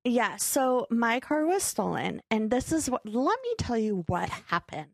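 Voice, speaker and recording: A young woman co-hosting a casual podcast, her voice sitting fairly high. She tells a story with animation, acts out what people said and laughs often. The sound is close and dry. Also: sing-song, measured pace, vocal fry, dry recording. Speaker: podcast co-host.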